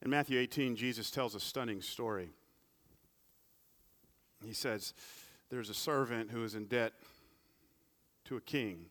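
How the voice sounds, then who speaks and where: A man preaching a sermon, swinging between big loud climaxes and quiet, humorous storytelling asides. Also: mid-range voice, a little slow, long pauses. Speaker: pastor.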